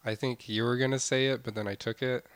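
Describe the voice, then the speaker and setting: A man's voice: medium pitch, steady tone, fast talker, clear, resonant tone, no room sound. A man co-hosting a comedy podcast, playfully boasting about his New Year's resolutions. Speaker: co-host.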